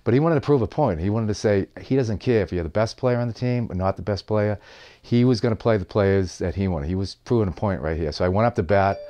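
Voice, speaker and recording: A man's voice: fairly low pitch, quick pace, lo-fi sound. A man recalling a story from his playing days, acting out the dialogue as he tells it. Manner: animated anecdote telling with quoted dialogue. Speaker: former player telling a story. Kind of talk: storytelling interview.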